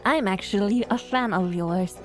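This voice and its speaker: A woman voicing a smooth, confident male professional gambler who speaks politely and smugly. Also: medium pitch, moderate pace, soft background music, voice pushed down, natural voice. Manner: polite, smug and courteous.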